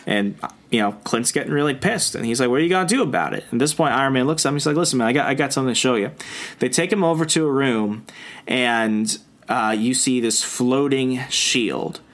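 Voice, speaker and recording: A man's voice: mid-range voice, a bit bright. A young man on a podcast, recapping a comic book in casual chat and acting out the characters' lines. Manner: retells scenes, acting out lines in quick voices. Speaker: podcast co-host.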